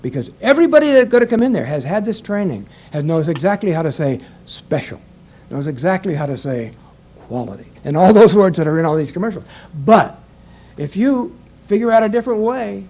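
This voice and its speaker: A man's voice: high-pitched, very animated, fairly quick, dark tone, low-quality recording. An older man who directs voiceover sessions, giving a rambling, conversational lecture to an audience and acting out exchanges from the studio.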